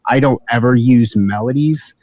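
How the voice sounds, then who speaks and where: A man's voice: medium pitch, moderate pace, a little mellow, no echo. A man giving loose, offhand advice in a casual way, full of fillers.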